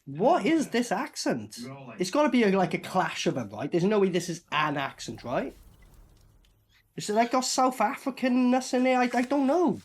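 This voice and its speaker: A man's voice: high voice, normal speed. Sweary man reacting to a movie. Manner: sweary, animated, laughing asides. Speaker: movie reviewer. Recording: film soundtrack playing behind.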